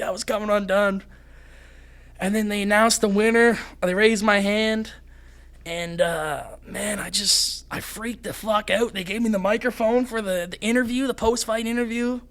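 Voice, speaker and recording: Bright, high-voiced young man telling stories. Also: normal speed. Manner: animated, rambling storytelling. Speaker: podcast guest, fighter. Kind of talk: casual podcast chat.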